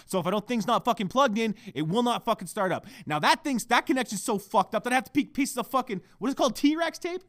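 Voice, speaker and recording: A man's voice: very high voice, lively intonation, fast, few pauses, fairly bright tone, no room sound, studio quality. A man hosting his own podcast, ranting heatedly and swearing constantly, recorded at home on a microphone. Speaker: podcast host. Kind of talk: solo podcast rant. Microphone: microphone at a laptop.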